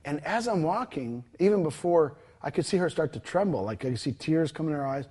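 A man's voice: on the high side, expressive, brisk, dark tone, husky. A man telling a ministry story in a conversational interview, retelling the dialogue with many fillers and restarts. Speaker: guest telling a ministry testimony.

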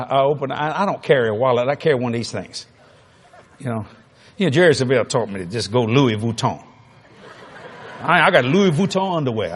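A man preaching a sermon, telling a funny story with laughter and sudden shouts. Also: mid-range voice, a little hiss or hum. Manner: animated, laughing, bursts into shouts.

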